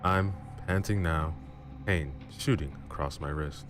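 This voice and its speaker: Very deep-voiced male storyteller. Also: unhurried. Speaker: storyteller, channel host. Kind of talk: first-person story narration. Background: music.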